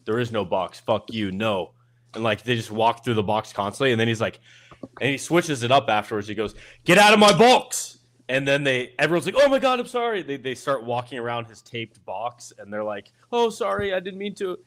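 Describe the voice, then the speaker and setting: Low-voiced man chatting loosely. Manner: rambling, restarts words, animated quoting of others. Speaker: podcast host. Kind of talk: casual group chat on a stream.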